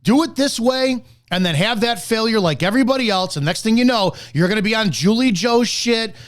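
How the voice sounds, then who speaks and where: A man with a somewhat high voice rants bluntly and combatively. He reacts to a clip with profane, fired-up commentary on sales prospecting. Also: animated, brisk. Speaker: network marketing commentator.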